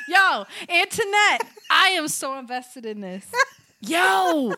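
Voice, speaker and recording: A woman co-hosting a podcast in casual chat, loud and joking, laughing often. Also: very high voice, big pitch swings, very slow, a little hiss or hum. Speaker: podcast co-host.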